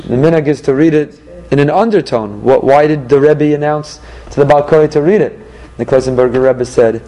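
A man, a rabbi, giving an emphatic Torah class with rhetorical questions and animated delivery. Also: on the high side, fairly quick, rough recording.

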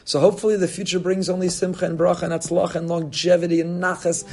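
Fast-talking rabbi preaching a sermon. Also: male voice, high-pitched, flat delivery, a little mellow. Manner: earnest, builds with repeated rhetorical phrases.

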